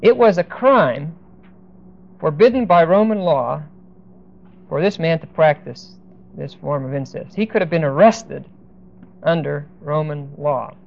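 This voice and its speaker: A man teaching a verse-by-verse Bible lesson, speaking deliberately and with emphasis, stopping now and then to look up verses. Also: on the high side, expressive, vocal fry. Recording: dull lo-fi recording.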